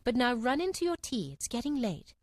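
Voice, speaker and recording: A woman voicing a gentle, kindly older sister who speaks tenderly. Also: fairly high pitch, big pitch swings, a little fast, dry recording, clean studio sound, voice pushed up.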